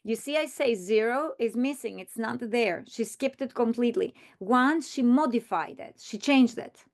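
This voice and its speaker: A woman's voice: a little high, normal speed. A woman training teachers in a recorded presentation, explaining earnestly and often restarting her sentences.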